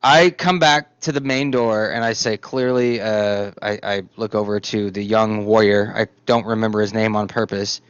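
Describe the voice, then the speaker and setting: A man's voice: lowish voice, fairly even intonation, normal speed, few pauses, clear, resonant tone, dry recording, lo-fi sound. A man playing a tabletop role-playing game, talking bluntly and swearing freely. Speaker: player.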